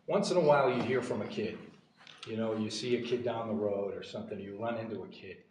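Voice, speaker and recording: A man's voice: on the low side, fast talker, darkish tone. Man telling a story in an echoey hall. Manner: anecdotal, storytelling, choked up at times. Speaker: school board candidate. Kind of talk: candidate forum closing statement. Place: large hall. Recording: echoey hall, distant mic, faint noise.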